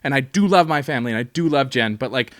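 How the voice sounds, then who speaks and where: A man's voice: medium pitch, expressive, fast talker, a bit bright, no echo, clean studio sound. A young man from Canada co-hosting a podcast in casual chat, swearing freely and laughing often. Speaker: podcast co-host.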